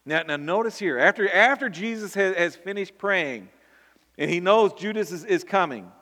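A man's voice: sits high, lively intonation, moderate pace, pushed and bright. A man preaching a sermon earnestly, often repeating words and building to emphatic peaks. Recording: long hall reverb.

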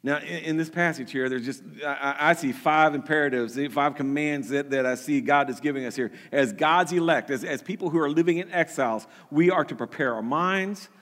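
A man's voice: fairly high pitch, fairly bright tone, long reverb tail. A man preaching a sermon as pastor, earnest, often repeating words and restarting his sentences.

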